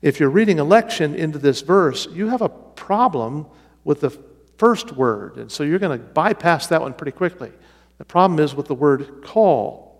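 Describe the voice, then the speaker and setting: A man's voice: a little high, lively intonation, normal speed. A man leading an evening Bible study, teaching methodically and repeating key phrases for emphasis. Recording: reverberant hall sound.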